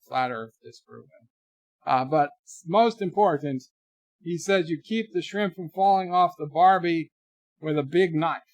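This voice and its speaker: A man's voice: fairly high pitch, no echo. Joking American man in a bedroom stream. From United States. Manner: joking, rambling, animated asides. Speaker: livestream host. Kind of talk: casual chat reading viewer comments.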